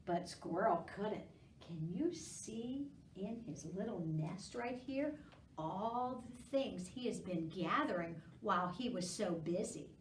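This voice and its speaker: Slow, lively librarian reading to kids. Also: female voice, medium pitch. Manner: gentle, encouraging, slow and sing-song with kids. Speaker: children's librarian reading storytime. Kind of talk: storytime read-aloud to children. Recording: roomy, distant library recording.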